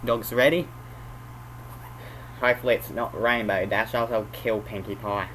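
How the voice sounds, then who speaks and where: A man's voice: lowish voice, steady tone, a little slow, a bit bright, slight background noise, low-quality recording. An Australian man hosting a reaction video, groaning and exclaiming in outrage at what he watches. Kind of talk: casual reaction commentary.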